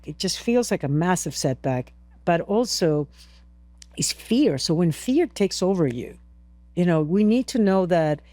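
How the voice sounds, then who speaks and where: A woman's voice: mid-range voice, warm tone, no echo. A woman from Peru, a podcast interview guest, telling a story earnestly and emotionally, with many restarts.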